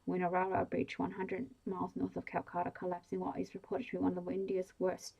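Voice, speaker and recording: A woman reading the lines of a male radio newsreader in whispered role-play, formal and measured. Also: lowish voice, monotone, vocal fry, slightly rough, muffled recording.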